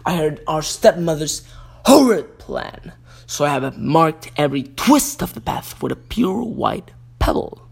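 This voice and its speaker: A man's voice: on the high side, sing-song, unhurried, creaky, slightly rough, exaggerated voice. A man voicing a cheerful, brave young boy reassuring his sister in a storybook reading.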